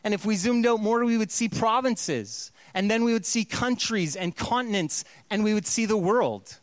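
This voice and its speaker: A man with a high-pitched voice preaching a sermon in a playful, conversational way. He often acts out quoted voices. The sound is dry and close, with no room echo. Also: moderate pace. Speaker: pastor.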